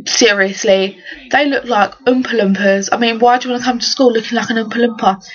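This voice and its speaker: A woman's voice: a little high, steady tone, fairly quick, husky. A teenage girl from England, telling stories in an exasperated, slangy rant for a vlog. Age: teens. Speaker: vlogger. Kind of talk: casual ranting story. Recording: dull lo-fi webcam audio.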